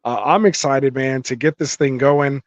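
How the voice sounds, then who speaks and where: Hosting a fantasy football livestream, a man speaks in a mid-range voice at a moderate pace, casually reading viewer comments aloud and using plenty of fillers. The lo-fi mic sounds dull and dry, with no room sound.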